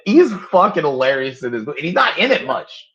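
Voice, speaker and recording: A man with a fairly high, very lively voice chats about a film in loose, animated phrasing. The sound is dull and lo-fi, missing its top end. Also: fast. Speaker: podcast co-host. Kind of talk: casual movie review chat. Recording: dull lo-fi audio.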